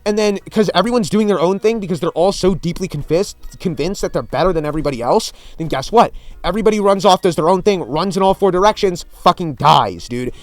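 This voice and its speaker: Fast, high-voiced man ranting profanely. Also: expressive, dry recording. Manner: profane, exasperated, repetitive ranting. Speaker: gaming commentator. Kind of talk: ranting vlog commentary.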